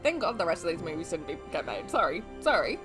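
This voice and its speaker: A woman's voice: lowish voice, sing-song, fast. Australian woman, young, exasperated, swearing, reaction commentary, film music under her voice. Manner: exasperated, swearing, yelling at the screen. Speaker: YouTuber reacting to films. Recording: film audio playing behind.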